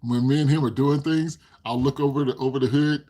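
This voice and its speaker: A man's voice: medium pitch, fairly even intonation, a little fast, dark tone. An older man hosting a casual livestream, telling rambling stories and laughing often. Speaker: livestream host.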